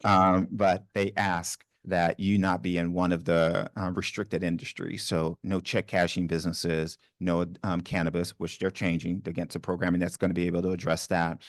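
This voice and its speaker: Deep-voiced Southern man on a panel. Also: flat delivery, normal speed, hardly any pauses, dry recording, studio quality. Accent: Southern US, New Orleans. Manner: conversational, asks the room questions, many ums and restarts. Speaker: panel speaker on small business financing. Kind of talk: informal panel talk to a live audience. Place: university event room.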